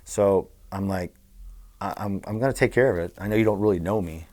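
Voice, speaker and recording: In a deep voice that runs a little fast, a middle-aged Southern Californian tells profane, plainspoken stories during an interview. The former bookmaker is a lively, animated guest with a casual storytelling style.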